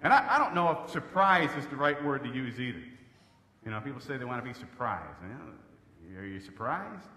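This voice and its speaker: A man's voice: medium pitch, very animated, brisk, pushed and bright. A man doing a sarcastic, exasperated stand-up comedy routine on stage. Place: live comedy stage in an echoey hall. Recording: echoey hall with background noise.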